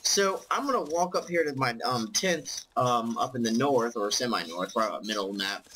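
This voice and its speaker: A man's voice: mid-range voice, lively intonation, normal speed, pushed and bright, a little hiss or hum, low-quality recording. A tired man casually commenting on his own gameplay as host, rambling with lots of ums and swearing. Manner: rambling, full of ums, profane. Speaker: let's play host.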